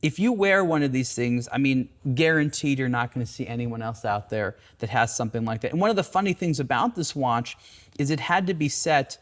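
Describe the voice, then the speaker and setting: A man's voice: mid-range voice, fairly quick. Man host, casual watch chat, enthusiastic, thinks aloud with ums. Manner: thoughtful, enthusiastic, with fillers. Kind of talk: casual conversation.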